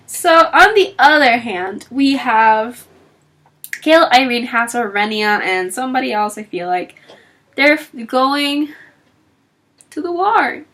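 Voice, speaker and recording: A woman talks casually about a novel she just finished, retelling scenes and playing out characters' lines as she goes. Her voice sits a little high and swings widely in pitch. She keeps it chatty and loose, full of fillers. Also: slow. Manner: animated storytelling, acting out characters' lines; chatty with frequent fillers and laughs. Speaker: book reviewer. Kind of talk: casual book talk.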